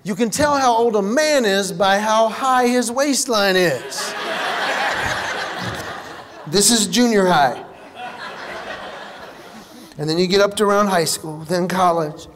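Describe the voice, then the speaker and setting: High-voiced man doing stand-up in a hall. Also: takes it slowly, long pauses. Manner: animated storytelling, acts out other people's lines. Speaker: comedian. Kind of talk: stand-up comedy to a live audience. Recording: hall reverb with faint noise.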